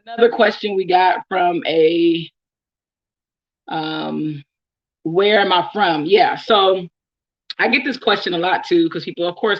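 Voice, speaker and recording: Young bay area woman doing a q&a vlog, laughs a lot, lotta ums, kinda dull lo-fi audio. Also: fairly low pitch. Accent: Bay Area, California. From Oakland, California. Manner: chatty, laughs often, lots of ums. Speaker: vlogger answering follower questions. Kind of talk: casual Q&A chat to camera.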